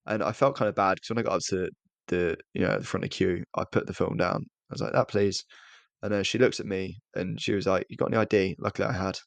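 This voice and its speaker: Young British male co-host, gravelly and dry, rambles with restarts. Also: sits low, steady tone, fast, no echo. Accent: British English. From Britain. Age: young adult. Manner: rambling, self-deprecating, restarts often. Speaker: podcast co-host. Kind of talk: casual chat.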